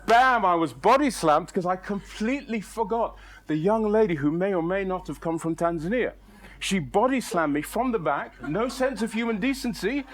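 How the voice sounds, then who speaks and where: A man tells a comic personal story to a live audience. His voice sits a little high for a man, and he delivers it in a playful, self-mocking and animated way.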